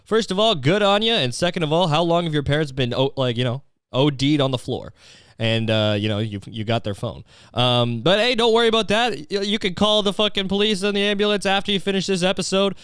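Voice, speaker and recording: A man's voice: fairly high pitch, a little fast, fairly bright tone, clear, resonant tone, no echo, studio quality. A young man hosting a comedy podcast, ranting sarcastically with plenty of swearing. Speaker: podcast host. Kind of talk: solo comedic rant.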